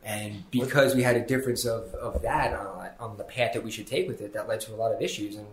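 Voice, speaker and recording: Man, business owner guest, candid, rambling, fast. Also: on the low side, steady tone, a little hiss or hum. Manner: candid, rambling, many restarts. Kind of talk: casual chat. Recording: echoey room.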